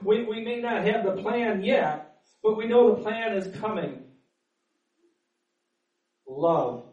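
A man's voice: sits high, slow pace, a little mellow, dull audio. A man preaching a sermon as pastor, earnest, stumbling over repeated words and then building up with fervor. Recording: echoey room, mic at a distance.

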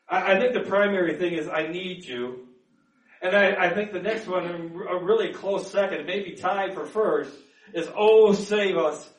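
A man's voice: sits high, roomy sound, distant mic, poor audio. A man preaching a sermon in an earnest manner, repeating words as he builds to emphatic peaks. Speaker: pastor.

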